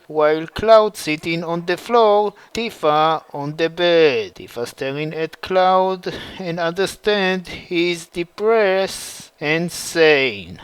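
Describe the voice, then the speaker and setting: A man narrating a fan story in a slow, plain, halting delivery. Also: fairly high pitch, a bit bright, clear, resonant tone. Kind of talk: reading a fan story aloud.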